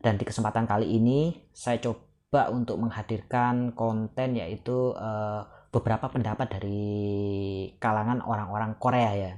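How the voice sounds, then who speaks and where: A man from Indonesia hosting a YouTube video, talking in a measured, hesitant way with frequent fillers. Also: fairly low pitch, steady tone, darkish tone. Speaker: YouTuber host. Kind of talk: casual video narration.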